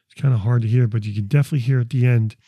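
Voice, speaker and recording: A man's voice: mid-range voice, steady tone, very fast, muffled recording, background noise. A man who investigates the paranormal, talking casually through his recordings, rambling and repeating words as he restarts his sentences. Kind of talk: casual explanatory talk.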